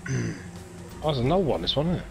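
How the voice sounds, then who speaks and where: A man's voice: medium pitch, big pitch swings, fast, vocal fry, over music. A young man joking and teasing friends in casual party chat over a headset, with lots of swearing.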